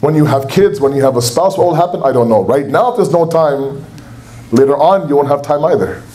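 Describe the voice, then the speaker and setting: A fairly high, mellow male voice, a little fast, belongs to a young man preaching at a religious gathering. In the center's lecture hall he speaks with passion, acting out quotes with a raised voice.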